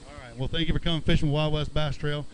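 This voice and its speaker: A man's voice: fairly high pitch, fairly even intonation, racing, slight background noise, poor audio. A man emceeing an outdoor fishing weigh-in, announcing weights and chatting chummily with each angler. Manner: upbeat, chummy, calls anglers bud. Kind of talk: live announcing with banter.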